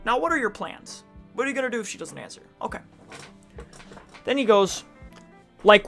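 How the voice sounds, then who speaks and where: A man's voice: extremely high pitch, sing-song, normal speed, creaky, sharp tone, soft background music. Chatty man mocking reddit posts. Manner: chatty, sarcastic asides; reads posts aloud in a mocking tone. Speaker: streamer. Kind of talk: casual reddit reaction commentary.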